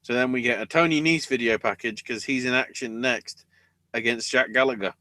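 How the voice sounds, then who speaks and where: A man's voice: medium pitch, brisk, bright, forceful tone, no echo. A man co-hosting a wrestling podcast, recapping matches in a sarcastic, sweary, casual way. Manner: sarcastic, swears freely, breaks into goofy voices.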